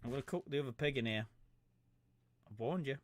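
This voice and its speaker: A man's voice: medium pitch, brisk. A man giving casual gameplay commentary as a streamer, scolding game animals in a mock-stern way.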